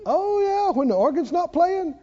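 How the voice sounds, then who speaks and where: A man's voice: very high voice, sing-song, a little slow, background noise. A man preaching a sermon who keeps putting questions to his congregation, in a dull lo-fi church recording. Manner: call-and-response preaching, asks the congregation questions.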